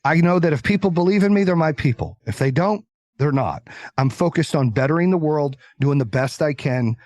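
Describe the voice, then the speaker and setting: Male entrepreneur guest, blunt, animated storyteller, dry studio sound. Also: a little high, brisk, no room sound. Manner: animated storyteller, acts out quoted voices; confident, blunt. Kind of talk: casual interview chat.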